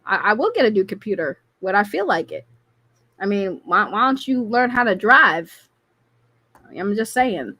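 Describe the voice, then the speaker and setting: A high-voiced woman hosting a live call-in stream, talking loudly and sassily and ranting at callers. Her voice is bright and forceful, she swears freely, and she speaks close to a desk microphone. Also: sing-song, moderate pace, a little hiss or hum. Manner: loud, sassy and profane, with rambling rants. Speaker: live call-in show host.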